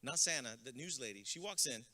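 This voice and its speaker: Speaking a little fast in an animated, bright, forceful mid-range voice, a man from Texas delivers a graduation keynote. At the podium microphone, his motivational talk strings together comic stories before a rousing finish at the school ceremony.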